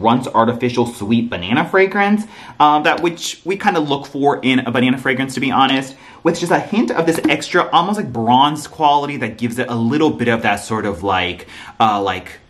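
A man chatting casually through a candle review vlog, gushing and effusive, his speech full of "like" and little fillers. His voice sits at an ordinary middle pitch for a man, and he talks as a regular host speaking straight to his viewers. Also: fairly bright tone.

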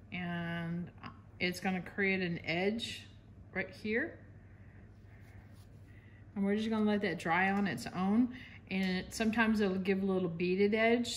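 American woman, art instructor, casual demo, chatty, mid-range voice, faint background hiss. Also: mid-range voice. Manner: chatty, talks while working, apologizes to viewers. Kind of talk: casual painting demonstration.

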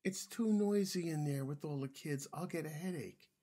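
A man's voice: fairly high pitch, moderate pace, warm tone, breathy edge, pitched above the performer's own voice. A man voicing a timid young dinosaur who is nervous about starting school, in a small worried voice.

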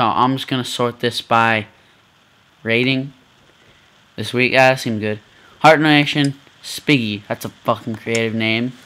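Male gamer, slow-talking, foul-mouthed, yells a lot. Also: mid-range voice, rough recording. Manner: loud, profane, yelling reactions. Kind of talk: let's play commentary. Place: at home.

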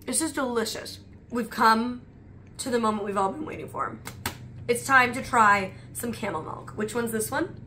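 A young adult woman vlogger taste-tests snacks while chatting in a slightly high, sharp voice at normal speed. She rambles loosely, leaning heavily on "like," and there's a faint hiss or hum.

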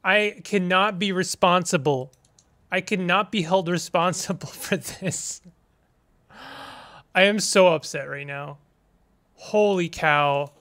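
A gaming streamer with a medium-pitched voice talks unhurriedly through a let's play, swinging between playful and exasperated. There are loud dramatic outbursts, goofy made-up words and quietly muttered asides.

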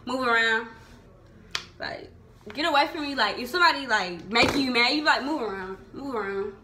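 A woman's voice: on the high side, expressive, brisk, background noise. A young woman from Houston with a Southern Houston accent, chatting casually about local slang in a vlog, laughing often and saying "like" a lot. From Houston, Texas. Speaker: vlogger.

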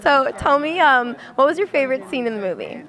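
Bubbly high-voiced woman interviewer. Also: expressive, brisk, fairly bright tone. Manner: bubbly, enthusiastic. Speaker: red carpet interviewer. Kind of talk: upbeat red carpet interview. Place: outdoor red carpet at a film studio.

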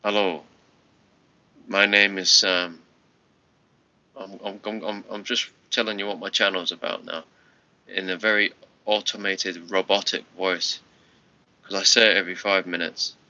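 A man's voice: deep voice, steady tone, sharp tone. Rambling tired man on a muffled livestream. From United Kingdom. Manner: rambling, halting, with many restarts. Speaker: livestream host. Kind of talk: casual live-stream chat with viewers.

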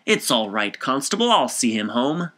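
A man voicing a brisk, cheerful gentleman in an audiobook reading, speaking in a hearty, breezy way. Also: mid-range voice, big pitch swings. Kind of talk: audiobook character voice.

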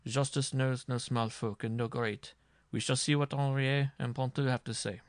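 A man voicing a stern judge who speaks with ominous, measured calm. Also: mid-range voice, no room sound, studio quality, natural voice.

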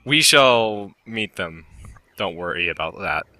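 A man's voice: on the low side, expressive, slow pace, pushed and bright. A man playing a video game and commenting casually, joking and swearing freely. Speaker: let's play host and player.

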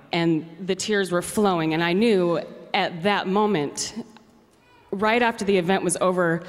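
A young woman telling a heartfelt, earnest testimony on stage. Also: lowish voice. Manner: earnest, heartfelt, tearful at times. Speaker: guest speaker. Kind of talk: emotional testimonial speech. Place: large hall. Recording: reverberant hall.

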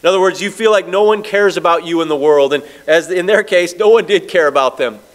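A man pastor preaching a sermon, telling stories and slowing down to read scripture. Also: high voice. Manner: storytelling preacher, slows down on scripture.

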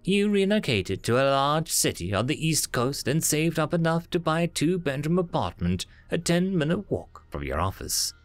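A man doing a gentle, apologetic afterlife clerk. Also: a little high, very animated, moderate pace, hardly any pauses, no echo, soft background music, voice pushed up. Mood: polite. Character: polite apologetic androgynous afterlife administrator.

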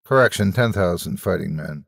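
A man's voice: deep voice, animated, moderate pace, gravelly, breathy edge, no room sound, studio quality, big-room sound, pitched below the performer's own voice, heavily acted. A man playing a frantic battle announcer. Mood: frantic commentary. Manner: radio-announcer patter, frantic. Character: fast-talking male battle announcer.

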